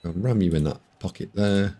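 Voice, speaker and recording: A man's voice: deep voice, normal speed, mellow. A man streaming a board game live, bantering and teasing with his chat in casual commentary.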